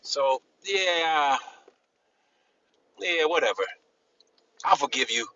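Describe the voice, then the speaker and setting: Animated man, rambling with many restarts. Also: on the high side, takes it slowly, muffled recording, slight background noise. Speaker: discussion panelist. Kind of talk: casual group discussion.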